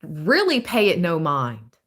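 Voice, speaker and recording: A woman giving a casual live-stream tarot reading, chatty and thinking aloud with drawn-out phrases. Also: fairly low pitch, huge pitch swings, a bit bright. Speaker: tarot reader.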